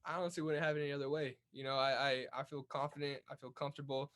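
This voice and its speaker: A man's voice: mid-range voice, level tone, fast talker, a bit bright. A young man from California's Central Valley, a boxer talking earnestly as a guest in a casual interview, often repeating words as he goes. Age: young adult.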